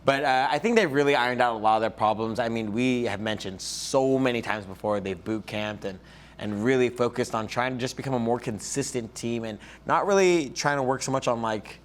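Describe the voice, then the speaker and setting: A man talking esports analysis at a desk show in a relaxed, conversational way. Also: mid-range voice, fairly quick. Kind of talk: casual esports desk chat.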